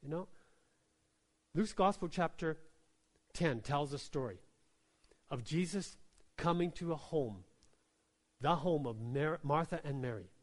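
A male pastor preaches in a high voice, calling out for "Amen?" and "right?" as he goes. His delivery is very animated, dropping to soft asides and rising to emphatic exclamations, and it rings through a reverberant hall. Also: unhurried, pauses often. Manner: call-and-response, repeats "Amen?" and "right?"; emphatic, swings between soft low asides and raised exclamations. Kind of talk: sermon.

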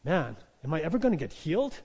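A preacher voicing a proud, embarrassed army commander. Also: male voice, fairly high pitch, sing-song, fast, darkish tone, husky, long reverb tail, full character voice.

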